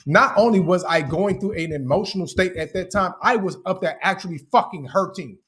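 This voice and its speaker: A man's voice: high voice, fairly quick, a bit bright. Heated, profane man ranting on a live stream. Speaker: livestreamer addressing critics. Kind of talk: angry live-stream rant.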